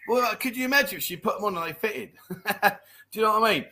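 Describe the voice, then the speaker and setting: Jokey bright-voiced man. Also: sits high, animated, quick pace. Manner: jokey, laughs often, calls people mate. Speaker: live chat show host reading viewer comments. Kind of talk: casual live-stream chat.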